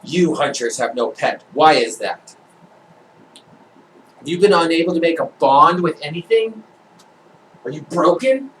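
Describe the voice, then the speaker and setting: A man voicing a tiny, imperious male judge who hides behind a high desk and barks orders in a booming voice. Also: expressive, a little slow, long pauses, a bit bright, roomy sound, recorded from a distance, slight background noise, rough recording. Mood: probing.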